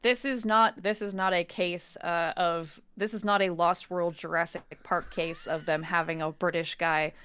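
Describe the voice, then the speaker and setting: A woman's voice: lowish voice, steady tone, normal speed, hardly any pauses, fairly bright tone, smooth, dry recording. Chatty, playful woman podcast guest. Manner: chatty, playful, laughing easily. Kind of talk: casual film-discussion chat.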